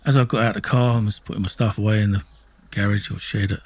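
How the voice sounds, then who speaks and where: A middle-aged man from England speaks in a fairly low, steady voice with a darkish tone, talking fast. With an Essex accent, he tells the story of his own life in blunt, sweary, casual speech, full of restarts and "you know what I mean".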